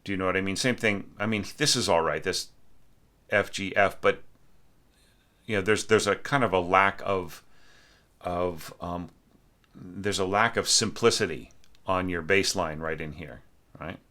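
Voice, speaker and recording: A low-pitched man with a bright, forceful tone gives spoken feedback on a student's orchestration. He talks haltingly, full of fillers and restarts, correcting himself as he goes and sometimes singing rhythms to make his point. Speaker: orchestration teacher giving feedback. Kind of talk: spoken score critique.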